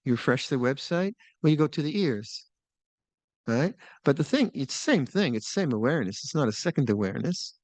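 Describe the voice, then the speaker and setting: An older man teaching meditation at a retreat, talking in a relaxed, musing way with small laughs and restarts. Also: mid-range voice, a little fast, no room sound. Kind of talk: Dharma talk at a retreat. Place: retreat hall.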